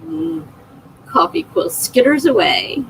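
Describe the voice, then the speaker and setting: A woman's voice: high voice, lively intonation, slow, vocal fry, slight background noise, rough recording. A middle-aged woman hosting a livestream, chatting casually and laughing often as she reads viewer comments aloud. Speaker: livestream host.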